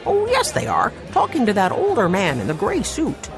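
A woman's voice: mid-range voice, huge pitch swings, normal speed, music in the background, voice pushed up. A woman doing a friendly man guiding kids around. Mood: eager.

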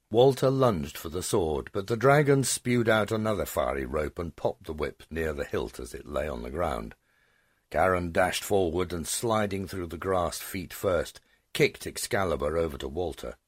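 A man narrating a fantasy audiobook with an expressive, animated reading. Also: very deep voice, husky, no room sound, studio quality.

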